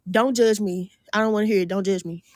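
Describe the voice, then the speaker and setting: A woman telling an animated storytime to her viewers, laughing often and calling them "y'all". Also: mid-range voice, fast, no echo, clean studio sound. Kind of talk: storytime vlog.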